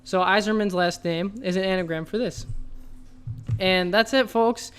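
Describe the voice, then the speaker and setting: Smooth-voiced deadpan man hosting trivia. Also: sits high, moderate pace. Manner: deadpan, delivers absurd jokes as straight facts. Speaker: trivia host. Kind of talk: mock-serious comedic trivia presentation.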